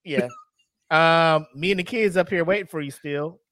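A man co-hosting a podcast in casual chat, animated storytelling that breaks into loud acted-out voices. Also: on the high side, moderate pace, dry recording. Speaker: podcast co-host.

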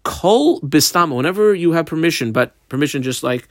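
In this daily Talmud lesson, a man reads Aramaic text and translates it on the fly, filling gaps with frequent fillers and pointing out the underlining and markings on his page. He sounds a little high and animated, speaking quickly with few pauses, in a studio-quality recording with no room sound.

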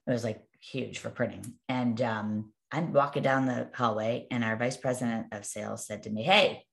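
A woman's voice: extremely low pitch, steady tone, normal speed, gravelly. A woman coaching real estate agents in a motivational talk, telling stories in a chatty way with many asides and tag questions.

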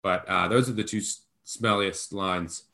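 A man's voice: deep voice, steady tone, unhurried, creaky, bright, forceful tone. A man co-hosting a sports betting podcast, talking emphatically with a jokingly apologetic edge. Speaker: podcast co-host, betting analyst. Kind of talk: casual sports betting chat.

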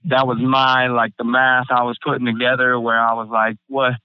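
Young guy, halting and near tears, smooth voice, tinny phone-like line. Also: medium pitch, monotone, no room sound. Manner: halting, many restarts and fillers, near tears. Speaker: guest. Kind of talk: emotional personal storytelling. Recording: phone-like narrow band, dry.

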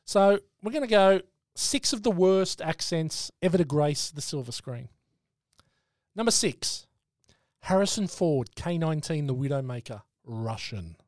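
Man, film podcast host, fairly high voice, dry close sound, blunt and sweary. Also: lively intonation, a little slow, a little mellow, no echo. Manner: blunt, sweary, leads the segments. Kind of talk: casual film podcast chat.

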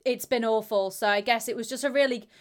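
Animated young woman telling stories. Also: a little high, a little fast. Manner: animated, acts out quoted voices, laughs readily. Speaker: interviewee, Paralympic athlete. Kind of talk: candid conversational storytelling.

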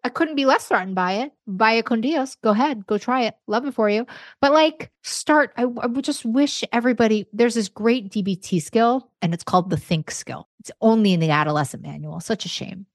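A woman's voice: on the high side, a little fast, no echo, studio quality. A woman therapist as a podcast guest, talking casually with blunt, irreverent straight talk.

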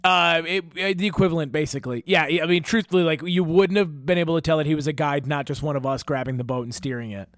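A young man telling animated stories in casual chat, swearing freely and acting out other people's lines. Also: fairly high pitch, fast, hardly any pauses, no echo, studio quality. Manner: animated, acts out quotes, swears freely, says "dude".

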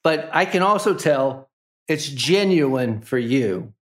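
A middle-aged man hosting a podcast, asking relaxed, friendly questions with many fillers. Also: medium pitch, takes it slowly. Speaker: podcast host. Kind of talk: casual interview chat.

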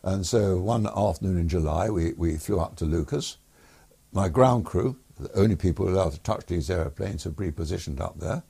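A man's voice: low-pitched, normal speed, vocal fry, mellow, slightly rough. An older man, a former air force pilot, telling stories in an interview in a rambling, hesitant way. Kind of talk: anecdotal storytelling in a podcast interview.

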